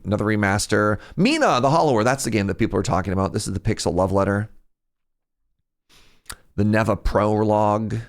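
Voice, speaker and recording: A young man chatting casually on a live stream, rambling and jumping in pitch when something excites him. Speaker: streamer reacting to a game showcase.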